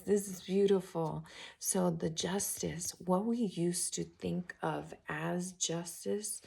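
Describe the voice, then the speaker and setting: A woman's voice: on the low side, vocal fry, a little mellow. A woman giving a casual, enthusiastic tarot reading and spiritual chat, talking straight to her viewers. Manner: chatty and enthusiastic, addressing viewers as guys; drops to a whisper while turning cards. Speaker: tarot reader and spiritual coach.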